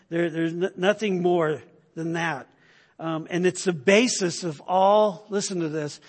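A man's voice: sits high, a bit bright. Man preaching in a reverberant hall. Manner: conversational, storytelling with frequent "right?". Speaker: pastor. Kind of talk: sermon.

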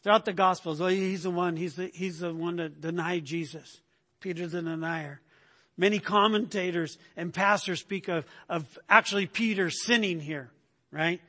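A man's voice: high-pitched, moderate pace, sharp tone, in a large hall. A man preaching a sermon in a conversational way, often checking in with rhetorical questions and repeating himself as he goes. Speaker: pastor.

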